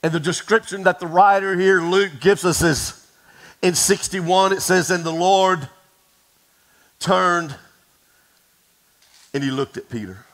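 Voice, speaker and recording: Man, pastor, sermon, high bright voice, dramatic storytelling, hushed then loud. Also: slow, pauses often, poor audio. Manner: dramatic storytelling, dropping to a hush and rising to shouts; addresses the congregation directly.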